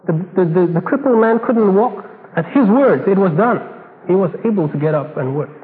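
A high-voiced man preaches a sermon, animated and full of rhetorical questions and acted-out dialogue. The sound is thin and phone-like, with long reverb from a hall and a faint hiss. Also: moderate pace. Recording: tinny echoey hall recording, faint hiss.

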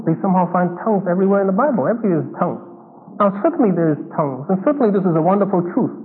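Male preacher in an echoing hall. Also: sits high. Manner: emphatic, repeats phrases for stress. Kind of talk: sermon. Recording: tinny phone-like sound in a long echoing hall.

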